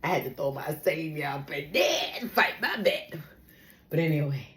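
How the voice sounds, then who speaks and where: Woman, low voice, swooping pitch, casual storytelling, acts out quoted people. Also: very animated, normal speed, fairly bright tone. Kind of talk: personal storytelling.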